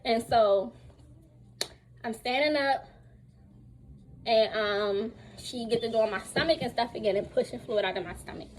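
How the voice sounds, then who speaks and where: A young woman telling a casual storytime to her viewers, candid and slangy, animated as she retells what happened. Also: a little high, a little slow, pauses often, a little hiss or hum, low-quality recording. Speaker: vlogger.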